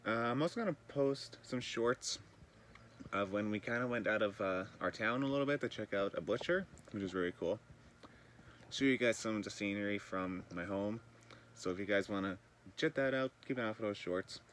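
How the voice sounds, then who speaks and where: A man's voice: on the low side, normal speed, fairly bright tone, a little hiss or hum. A man touring his greenhouse for a vlog, talking loosely and rambling with some swearing, a bit groggy. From northern British Columbia, Canada. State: a bit groggy, just woken. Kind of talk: casual chat. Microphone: handheld camera.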